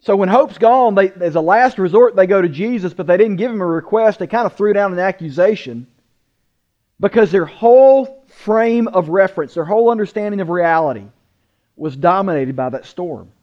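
A man preaching a sermon, emphatic, asking rhetorical questions and slowing down to stress words. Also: sits high, expressive, dull audio. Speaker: pastor.

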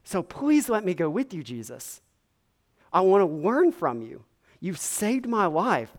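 A man's voice: mid-range voice, measured pace, lightly acted. A man voicing a freed, formerly possessed man who is overjoyed and eagerly pleading. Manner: excited, urgent, pleading.

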